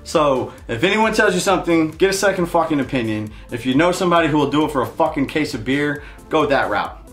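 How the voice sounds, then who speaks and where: A man's voice: on the high side, expressive, fast talker, fairly bright tone, echoey room, soft background music. A man hosting his show, telling a heated, profane story in a casual rant. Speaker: show host. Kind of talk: casual ranting monologue.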